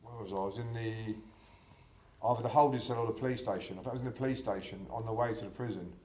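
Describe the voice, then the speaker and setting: A man's voice: lowish voice, steady tone, fast, a crowd in the background. A man recalling the past in an interview, hesitant and full of fillers. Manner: hesitant, fills with um and sort of. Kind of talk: casual interview recollection. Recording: echoey room.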